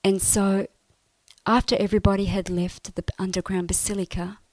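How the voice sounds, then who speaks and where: A woman telling her personal faith testimony in an earnest, emotional way, often dropping to a soft, breathy voice. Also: medium pitch, flat delivery, moderate pace, no echo.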